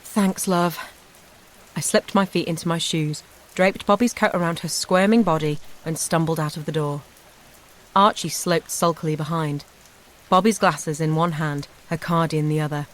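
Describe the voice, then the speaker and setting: A woman narrating a first-person memoir audiobook in an even, measured storytelling manner. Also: low voice.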